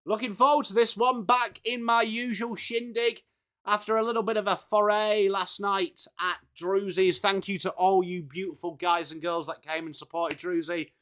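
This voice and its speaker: A young English man hosting a live football watchalong, chatting with viewers by name and reading team lists, his voice slightly hoarse. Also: sits high, little pitch movement, normal speed, fairly bright tone. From England. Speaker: watchalong host. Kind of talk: casual live stream chat.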